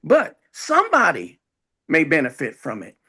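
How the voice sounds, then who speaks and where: Older former councilman, slow emphatic stretches. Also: fairly high pitch, wildly swooping pitch, sharp tone, husky. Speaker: former city council member. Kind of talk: panel discussion.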